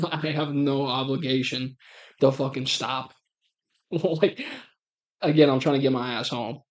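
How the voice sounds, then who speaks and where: A man's voice: mid-range voice, steady tone, measured pace. A man hosting a live stream, chatting casually in a profane, blunt way and laughing often.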